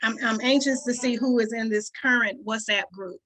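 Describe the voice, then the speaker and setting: A rural Southern woman with a twang chats casually with an online group while hosting their community call. Her voice is fairly high and a bit bright at a normal speed, and she keeps asking "right?" with the occasional laugh.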